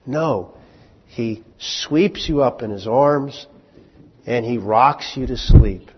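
In this muffled, lo-fi recording, a man with a husky, medium-pitched voice preaches in a big-sounding room. He's a pastor keeping his sermon conversational, asking the congregation questions and slipping into quick voices to act out brief dialogue.

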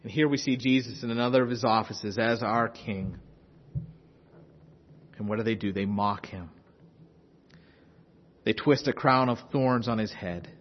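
A male pastor delivers an impassioned sermon, rising to urgent loud passages and dropping to hushed intensity. His voice is a little husky, and it rings with long reverb in a large room. The recording sounds dull and muffled. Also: fairly low pitch, measured pace, long pauses.

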